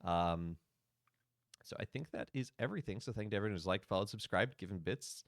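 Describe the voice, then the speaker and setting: A man's voice: on the low side, a little fast, gravelly, dry recording, studio quality. A priest hosting a game livestream, chatting casually with his viewers and laughing often. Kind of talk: casual livestream gaming commentary.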